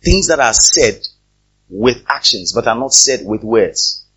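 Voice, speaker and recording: A man, a pastor, preaching a sermon to his congregation, reading scripture and then speaking to them directly with pointed questions and loud, emphatic peaks. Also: medium pitch, lively intonation, measured pace, husky. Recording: dull lo-fi sermon recording.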